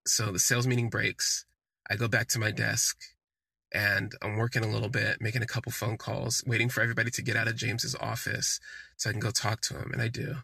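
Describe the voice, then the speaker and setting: A man tells a candid story from his own life in a casual, conversational way. His voice is gravelly, bright and a little husky. The recording is dry and close to the mic. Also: lowish voice, flat delivery, brisk, no echo. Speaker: podcast host.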